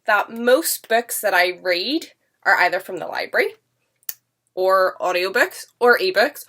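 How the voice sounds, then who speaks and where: A book vlogger with a stuffy, cold-afflicted voice chats casually and eagerly to the camera about books from her home. Her voice sits in the middle range and has a sharp tone.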